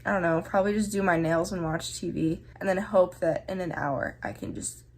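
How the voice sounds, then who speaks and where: A woman's voice: on the low side, brisk. A young woman talking casually to camera in a vlog, chatty and self-mocking, often emotional and laughing through tears. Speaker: vlogger.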